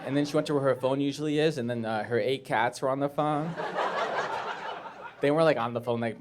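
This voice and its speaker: A man doing a stand-up comedy set, awkward and rambling with deadpan asides, on a club stage with a handheld mic. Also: medium pitch, a little fast, long pauses. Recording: live club with audience noise. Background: audience laughter.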